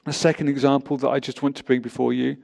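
A man's voice: medium pitch, level tone, quick pace, creaky, a little mellow. A man preaching a sermon, reading scripture aloud with emphatic rises and drops.

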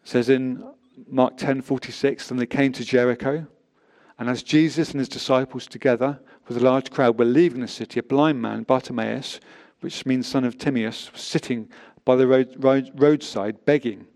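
A man's voice: medium pitch, fairly even intonation, normal speed, darkish tone. A man preaching a sermon, reading scripture aloud with emphatic rises and drops.

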